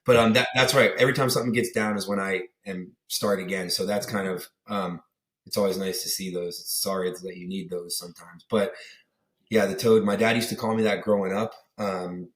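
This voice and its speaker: A man's voice: deep voice, fairly even intonation, fairly quick, a bit bright, echoey room. A young man from the Pittsburgh area, a podcast guest chatting casually and rambling through stories with many fillers, acting out the voices of people he quotes. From Pittsburgh area, USA. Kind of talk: casual interview chat.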